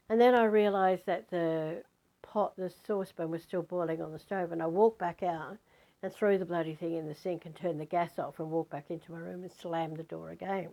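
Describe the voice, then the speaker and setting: A woman recounts a personal story as a vlogger, talking in a loose, rambling monologue. Her voice sits at a middling pitch, and she speaks frankly, with swearing scattered throughout. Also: darkish tone, low-quality recording. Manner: candid, rambling, with frequent swearing. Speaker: spiritual vlogger.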